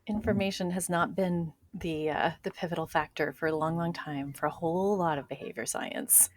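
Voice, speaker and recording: A woman's voice: lowish voice, fairly even intonation, moderate pace. A woman doctor hosting a podcast who sums up and affirms what her guest says. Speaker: podcast host, physician. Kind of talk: casual interview.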